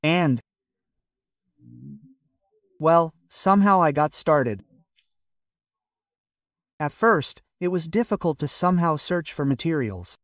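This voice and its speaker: A man's voice: on the high side, animated, slow, long pauses, no echo. Older man from russia chatting in an interview, umms and "so to speak" everywhere, mic kinda far off, dry sound. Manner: hesitant and rambling, full of fillers like "so to speak" and "well". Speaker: magazine editor and publisher, interview guest. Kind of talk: casual conversational interview.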